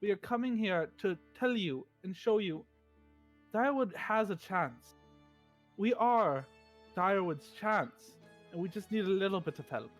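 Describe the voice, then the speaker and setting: Man, game player, high voice, chatty, halting. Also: animated, faint music behind. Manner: chatty and hesitant, many fillers. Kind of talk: in-character role-play at a tabletop game.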